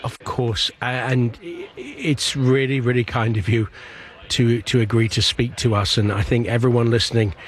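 A male interview host speaks gently at a middle pitch. He stammers over the first sounds of his phrases before settling into full sentences. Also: expressive, moderate pace. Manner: gentle, with nervous stammered restarts. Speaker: radio or podcast host.

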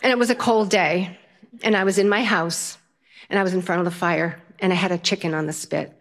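An older woman telling a personal story in an animated way, often laughing as she talks. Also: on the low side, fairly quick.

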